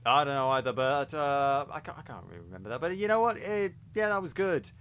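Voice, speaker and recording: A man's voice: medium pitch, animated, brisk, a bit bright, smooth. A man co-hosting a casual review podcast, talking with enthusiasm and lots of fillers and restarts. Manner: enthusiastic, rambling with many fillers. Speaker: podcast co-host.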